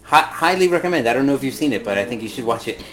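A man's voice: mid-range voice, animated, racing, fairly bright tone. A man co-hosting a podcast in casual chat, joking and mock-opinionated, swearing and laughing often. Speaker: podcast co-host.

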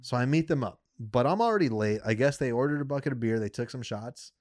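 A young man in casual chat, telling a story with lots of laughter and squeaky voices for the people he quotes. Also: expressive, quick pace, darkish tone, dry recording, studio quality.

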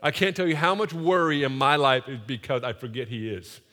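Energetic pastor mid-sermon, bright forceful delivery, big hall echo. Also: male voice, mid-range voice, brisk. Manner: energetic and joking, has the congregation repeat phrases. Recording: long reverb of a large hall.

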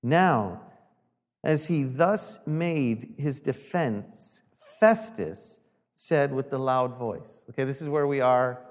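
A man preaching a sermon as pastor, lively and acting out the people he quotes with rising volume. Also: medium pitch, takes it slowly, in a large hall. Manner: animated, acts out quoted voices with rising volume.

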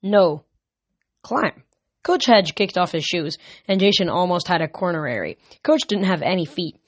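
Steady amateur reader, dry voice. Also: male voice, high-pitched, fairly quick, no echo. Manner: steady reading with small slips. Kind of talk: amateur audiobook reading.

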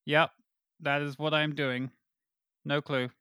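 Awkward, rambling man with a bright voice. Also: a little high, flat delivery, slow pace, clean tone, dry recording. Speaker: player. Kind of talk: casual role-play banter.

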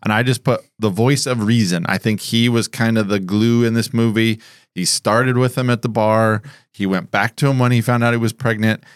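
A man co-hosting a casual movie podcast, rambling with halting restarts. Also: on the low side, fairly even intonation, clear, resonant tone, no echo, clean studio sound. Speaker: podcast co-host.

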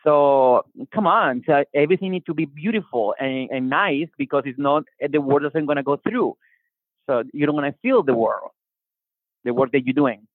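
A man with a Latin American Spanish accent, talking about his music in an animated way, restarting his sentences and acting out quotes. His voice comes through a tinny, phone-like call line. The sound is dry, with no room around it. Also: a little high, normal speed, no echo. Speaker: singer-songwriter guest. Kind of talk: casual interview talk.

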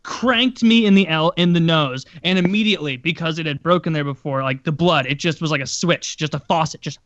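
A man's voice: on the high side, brisk, no echo, lo-fi sound. A man telling stories in casual chat, rambling with lots of filler words and the odd swear.

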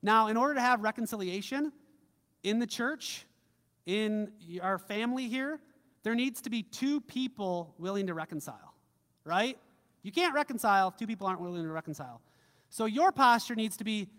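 A man with a notably high voice preaches to his congregation in a loose, conversational way and leans hard on key phrases. The sound carries a long reverb, like a church hall. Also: moderate pace. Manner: casual, conversational preaching with animated emphasis. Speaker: pastor. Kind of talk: sermon.

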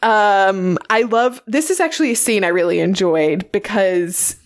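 A woman's voice: medium pitch, a little slow. A woman co-hosting a casual film discussion, chatty and enthusiastic with a playful edge. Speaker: podcast co-host.

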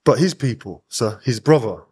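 A young man, a podcast guest, bluntly retelling events with heavy swearing and animated energy. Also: mid-range voice, moderate pace, breathy edge. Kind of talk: casual interview storytelling.

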